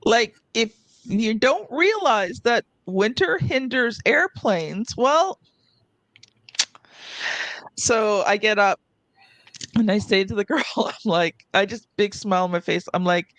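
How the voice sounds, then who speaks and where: Female podcast host, medium pitch, chatty anecdote delivery, dry close recording. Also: animated, slow pace, pauses often, fairly bright tone, no room sound. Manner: chatty, uses many "like" fillers, mimics others. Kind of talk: casual chat, personal anecdote.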